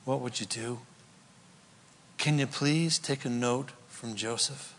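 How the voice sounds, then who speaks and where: A pastor preaching a sermon, telling the story with animated energy and then dropping to a hushed, earnest prayer. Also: male voice, mid-range voice, slow pace. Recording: long reverb in a large hall.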